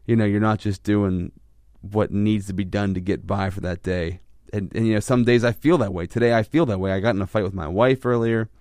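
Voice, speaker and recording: A podcast host with a fairly low, darkish voice speaks a little fast in a steady tone, recorded cleanly in a studio with no echo. In a candid personal monologue, he reflects on his own frustrations, rambling and restarting often.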